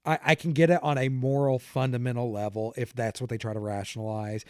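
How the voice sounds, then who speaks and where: A man's voice: medium pitch, level tone, a little fast, darkish tone, clean tone, dry recording, clean studio sound. A man hosting a podcast, talking casually and thinking aloud, laughing often between points. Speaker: podcast host.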